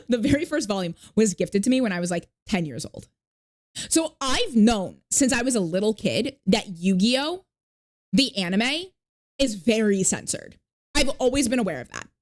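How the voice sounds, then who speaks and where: On the high side and expressive, this woman streamer talks a little slowly in a relaxed chat with her audience. She wanders through topics with many fillers, swears openly, and stops to thank new followers; she's not from New York.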